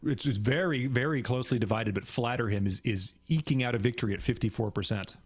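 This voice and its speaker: Male host, mid pitch, brisk comedic read-aloud. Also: slightly rough, no room sound. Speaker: podcast host reading the book.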